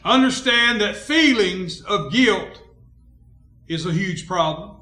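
A man pastor preaching a sermon in a church, emphatic, swinging between quiet and loud, calling out for amens. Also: high voice, lively intonation, slow, echoey room, soft background music.

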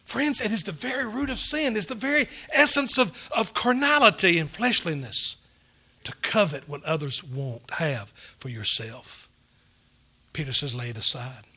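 A man delivers a sermon in a high voice. His tone is bright and forceful. He swings between loud emphasis and quiet, hushed asides. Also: lively intonation, unhurried, slightly rough. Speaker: pastor.

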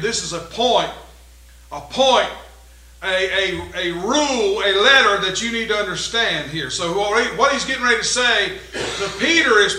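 A man preaching a sermon, swinging from loud emphatic lines to quiet low asides. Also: reverberant, low-quality recording. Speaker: pastor.

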